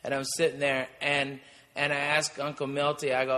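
A man co-hosting a comedy podcast, telling loud, profane anecdotes in a casual way. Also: mid-range voice, monotone, normal speed. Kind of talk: casual storytelling. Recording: long reverb.

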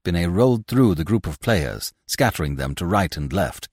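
A man narrating a classic novel for a podcast in a theatrical, expressive manner, close to the mic. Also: low voice, moderate pace, husky, dry recording.

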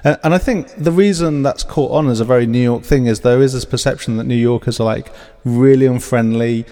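A man's voice: mid-range voice, a little fast, warm tone. Hesitant man with reverb. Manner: hesitant, lots of fillers and asides. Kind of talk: casual chat. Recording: long reverb on the voice.

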